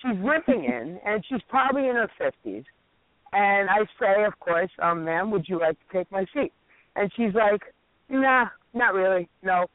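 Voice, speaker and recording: Excitable storytelling man, high voice. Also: normal speed, dry recording. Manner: animated, profane, acts out quotes. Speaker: radio co-host. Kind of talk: casual storytelling chat. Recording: tinny phone-like radio audio.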